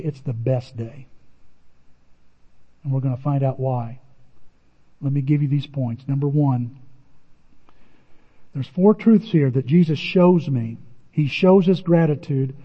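A man preaching a sermon in a conversational, animated way, his voice rising for emphasis. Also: mid-range voice, a little slow, pauses often. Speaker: pastor. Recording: muffled sound in a reverberant hall.

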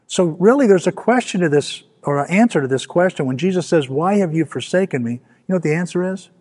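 Middle-aged guy preaching, kinda husky, voice sits a bit high, goes soft then climbs back up. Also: expressive, fast talker. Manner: preaching with soft drops and rising emphasis, some restarts. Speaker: pastor. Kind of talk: sermon.

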